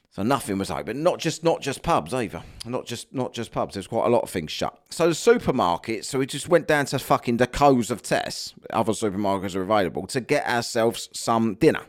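A man's voice: mid-range voice, animated, a little fast, few pauses. A man telling a comic, sweary rant about a holiday trip, exasperated and mocking. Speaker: vlogger.

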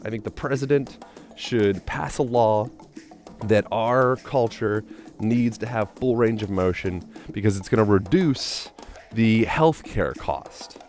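A man's voice: on the low side, takes it slowly, a little mellow, soft background music. A man hosting a podcast, talking in a loose, joking, playful way. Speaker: podcast host. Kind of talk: casual podcast monologue.

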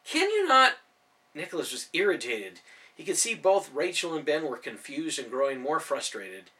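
Animated male storyteller, bright voice. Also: on the high side, moderate pace, distant mic. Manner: animated, expressive. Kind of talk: reading a children's novel aloud.

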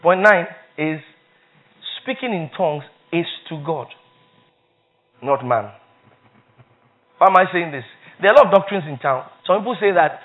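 A man's voice: high voice, animated, moderate pace, pauses often, narrow, tinny audio. A man preaching a sermon as pastor, emphatic, repeating phrases for stress and reading scripture aloud.

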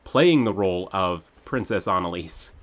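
Low-pitched and expressive, a co-host speaks at a moderate pace while picking apart a film on a podcast. The conversation is casual and wry, with critical remarks and looping asides.

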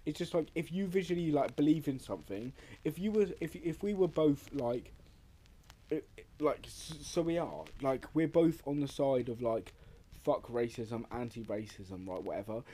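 A man's voice: medium pitch, normal speed, mellow. A man co-hosting a casual podcast chat, rambling and restarting his sentences, swearing casually. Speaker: podcast co-host.

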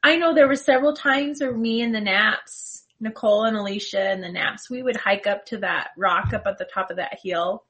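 A woman reminiscing in a casual group chat, with drawn-out sentences full of "like". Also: medium pitch, fairly bright tone. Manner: reflective, drawn-out storytelling with fillers.

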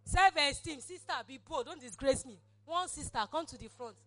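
A woman's voice: sits high, expressive, moderate pace, a bit bright, slight background noise. A woman pastor, preaching a sermon and leading an altar call with fervent, repeated exhortations. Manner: fervent, repetitive exhortation, acted prayers.

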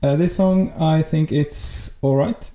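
A man co-hosts a casual podcast, speaking with a very dark, mellow tone. He talks hesitantly, with plenty of filler words. His voice carries a roomy echo. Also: a little high, slow. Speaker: podcast co-host. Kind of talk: casual chat.

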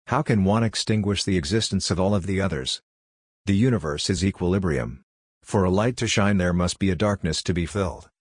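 A man voicing a calm, seductive female divine being with a low, reverberating voice in an audiobook reading. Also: clean studio sound. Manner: calm, preaching, unhurried.

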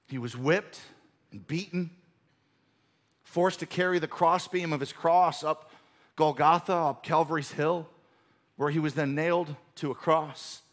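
A man's voice: on the high side, fairly bright tone. A male pastor preaching a sermon in an earnest, emphatic style with repeated phrases.

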